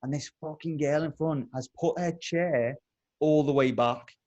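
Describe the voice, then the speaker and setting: Young guy, co-host, sweary and animated storyteller, slightly high voice. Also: measured pace, lo-fi sound. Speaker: podcast co-host. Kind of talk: casual chat.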